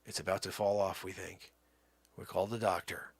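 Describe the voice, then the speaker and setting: A middle-aged man making a comedic prank phone call, rambling and exasperated, swinging between low mutters and loud outbursts. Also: fairly even intonation, moderate pace, husky, dry recording. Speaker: prank caller.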